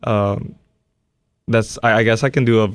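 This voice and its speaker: A man's voice: fairly low pitch, steady tone, moderate pace, clear, resonant tone, no room sound. A man from Hawaii, a comedian and guest, chatting in a laid-back, easygoing way and laughing often. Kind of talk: casual interview chat.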